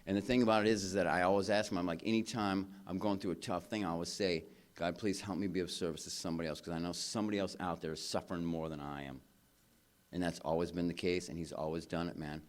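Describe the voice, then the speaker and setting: Male convention speaker with a lower-pitched voice; loose, earnest storytelling, heavy on "man" and "you know". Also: steady tone, fast. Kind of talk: personal recovery share. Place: convention stage before a live audience.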